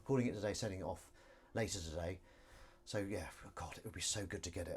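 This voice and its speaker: A man's voice: deep voice, fast, a little hiss or hum. A man hosting a casual live stream from his kitchen sink, rambling chattily with self-mocking asides.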